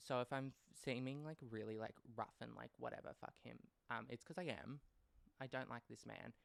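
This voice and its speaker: This young podcast host speaks briskly in a gravelly, medium-pitched voice with no room sound. He tells casual stories in a blunt, profane way, curses freely, and rambles wryly off into asides.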